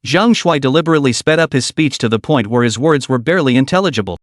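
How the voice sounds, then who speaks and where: A man's voice: mid-range voice, animated, quick pace, dry recording, clean studio sound. A man narrating a story recap in a scripted, dramatic storytelling manner.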